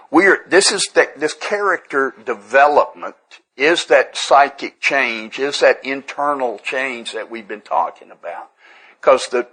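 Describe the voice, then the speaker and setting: A man's voice: mid-range voice, fairly bright tone, poor audio. A man with a Tennessee accent, telling earnest, humorous stories to a recovery workshop group. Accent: Southern US, Tennessee. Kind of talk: folksy storytelling talk to a live group.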